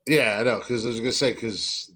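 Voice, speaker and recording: A man's voice: medium pitch, brisk, fairly bright tone. A man co-hosting a comedy podcast, teasing his partner in a laid-back, dry way. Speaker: podcast co-host. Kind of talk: crude comedic banter.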